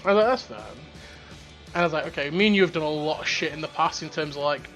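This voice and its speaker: Young guy rambling n swearing, kinda high voice, faint music under it. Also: fast talker. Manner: rambling, swears a lot, animated storytelling. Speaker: podcast host. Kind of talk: casual chat.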